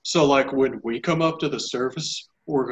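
A man doing a cocky bro snail athlete from the deep. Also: moderate pace, close to an everyday voice. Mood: boastful. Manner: brash bro-ish boasting. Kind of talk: improvised tabletop role-play.

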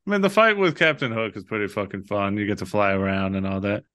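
A man chatting on a gaming podcast with a bright, smooth voice. He swears a lot and tells game stories in an animated way, often acting out what happens. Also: fairly low pitch, quick pace. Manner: profane, animated storytelling. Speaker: podcast co-host. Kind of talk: casual gaming chat.

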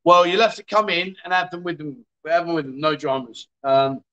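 A man's voice: fairly high pitch, normal speed, bright, forceful tone, dull audio. A man hosting a casual livestream, reading out viewer comments with jokey, exasperated asides. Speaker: livestream host.

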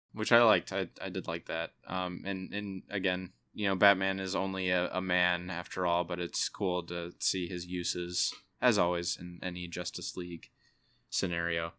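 A man's voice: low voice, flat delivery, measured pace, fairly bright tone, clean tone, no echo, studio quality. A man co-hosting a casual movie podcast, laid-back and agreeable, often chiming in. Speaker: podcast co-host. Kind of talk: casual film review chat.

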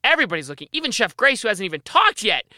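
A man hosting a casual comedy podcast, teasing his cohosts with loud, quick exclamations. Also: high-pitched, sing-song, no room sound, studio quality. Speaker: podcast host.

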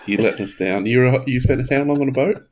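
A man co-hosting a casual gaming podcast, teasing the others with quick interjections. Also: mid-range voice. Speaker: podcast co-host.

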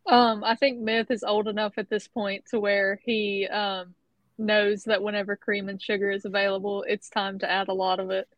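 A woman's voice: mid-range voice, little pitch movement, normal speed, no room sound, rough recording. A woman narrating her character's actions in a tabletop game, hesitant and giggly. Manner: hesitant, giggly, self-conscious. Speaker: player. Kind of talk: tabletop role-play narration.

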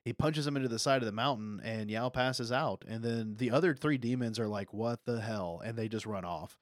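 A young adult man co-hosting a podcast, casually recapping a movie and acting out character lines with animated bursts. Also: medium pitch, fairly quick, dry recording, clean studio sound. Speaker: podcast co-host.

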